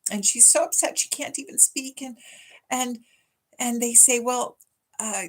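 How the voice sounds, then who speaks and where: A woman's voice: fairly high pitch, steady tone, moderate pace. A woman church minister giving a weekly message, telling a children's story from memory in a chatty, affectionate way.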